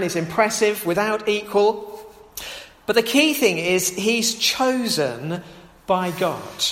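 A man preaching a sermon in a conversational way, often pausing with fillers and restarting his sentences. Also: sits high, fairly bright tone. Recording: echoey hall.

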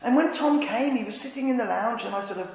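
A middle-aged man with a light voice preaching a sermon, telling stories with self-deprecating humour and dropping soft and tender when he speaks Jesus's lines. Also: fast talker, gravelly. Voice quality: light voice that never deepened. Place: church hall. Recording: echoey hall, long reverb.

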